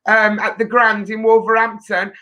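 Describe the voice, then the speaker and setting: A woman's voice: medium pitch, flat delivery, moderate pace, bright, forceful tone, poor audio. A woman hosting a charity chat show, cheeky and breezy. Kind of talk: casual chat.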